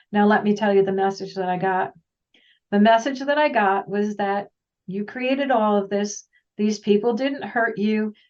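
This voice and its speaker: A woman speaks as a guest, telling her story in a rambling, animated way and slipping into the voices of the people she quotes. Her voice sits at a middle pitch and sounds set back from the mic. The sound is dull and lo-fi. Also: recorded from a distance. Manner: animated, rambling, often acts out quoted dialogue. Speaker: guest, intuitive practitioner. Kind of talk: casual personal storytelling.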